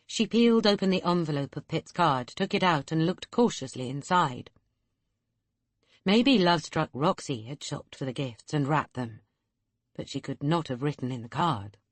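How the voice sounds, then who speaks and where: Reading an audiobook, this narrator uses a low, grounded voice and tells the story at an even, deliberate pace. Her recording is close and dry, free of any echo or surrounding room sound.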